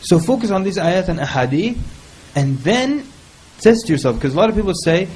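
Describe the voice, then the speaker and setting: A man speaking on a panel, giving advice in a lively, humorous way and mimicking people in quick quoted asides. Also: high voice, a little hiss or hum, poor audio. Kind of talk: casual panel talk.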